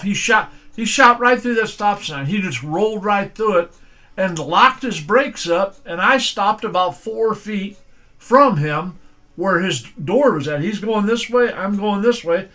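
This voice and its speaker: A man's voice: high voice, sharp tone. An older man, preaching a sermon by telling plain, folksy stories from his own life in a firm way. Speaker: pastor.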